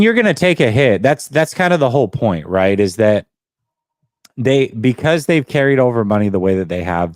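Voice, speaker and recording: Sports panelist, male, low-pitched, analytical, dry recording. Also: darkish tone, no room sound. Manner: analytical, explains at length. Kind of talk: casual sports talk.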